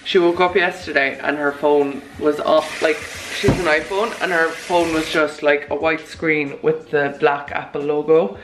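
A woman's voice: low voice, fairly even intonation, measured pace, hardly any pauses, background noise. A young Irish woman in her twenties, rambling chattily to her phone camera in a casual vlog. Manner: chatty, rambling, says "lads" and "like" a lot. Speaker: vlogger. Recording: faint music underneath.

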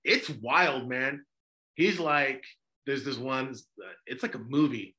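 Fervent priest with a bright voice. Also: male voice, medium pitch, takes it slowly. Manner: impassioned, many rhetorical questions. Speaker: Orthodox priest and podcast host. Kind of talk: podcast discussion.

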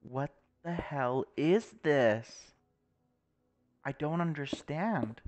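A young man giving nervous, excitable commentary while playing a video game, often laughing and exclaiming. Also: a little high, extremely slow, lo-fi sound. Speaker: gaming YouTuber. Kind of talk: Let's Play commentary.

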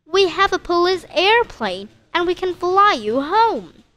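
A woman's voice: very high voice, a little slow, dry recording, pitched above the performer's own voice, exaggerated voice. A woman playing cheerful starstruck security officers. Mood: eager. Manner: excited, helpful.

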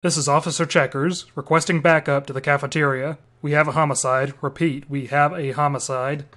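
A man voicing a self-serious male police officer in a stick-figure cartoon, using a deadpan radio-call delivery. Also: a little high, a little fast, close to an everyday voice.

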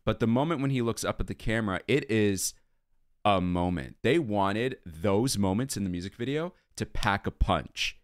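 A man's voice: lowish voice, normal speed, no room sound, studio quality. A man hosting a music video reaction, talking casually and gushing about what he sees and hears. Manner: animated, gushing, hums along to the melody.

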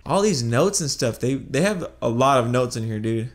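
Excitable man doing let's-play commentary. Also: mid-range voice, moderate pace, noisy background. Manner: jumpy, excitable, swears a lot; chatty, thinks out loud while playing. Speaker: gaming video host.

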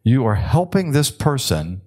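An older man, a psychiatrist giving a conference lecture in a conversational, wry way, with many filler pauses. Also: mid-range voice, big pitch swings, darkish tone.

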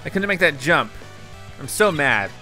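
A young man giving casual live commentary on his own gameplay, excitable and quick to break into loud frustration. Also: a little high, over music. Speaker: gaming YouTuber.

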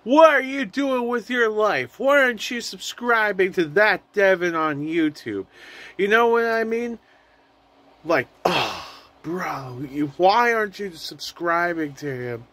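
A man putting on a pushy male advertising pitchman who shouts hectoring questions at the viewer. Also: animated, slow pace, full character voice.

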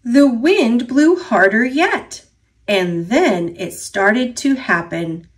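A woman reading a children's picture book aloud in a gentle, expressive narrating voice. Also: on the high side, slow. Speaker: storybook reader.

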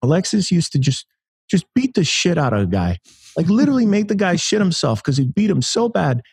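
A man putting on a famous boxer, high-pitched, breathy, admiring, gushing. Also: very animated, a little fast, a little mellow, no room sound, full character voice. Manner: awed storytelling, rough impression.

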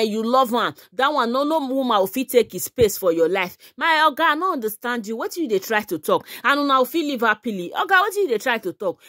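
A woman with a Nigerian accent hosts her own gossip channel, talking straight to her viewers. Her voice sits somewhat high and the sound is dry, with no room around it. She talks in an exclamatory way and laughs often. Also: fairly bright tone, no echo. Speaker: gossip vlogger. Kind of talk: casual commentary vlog.

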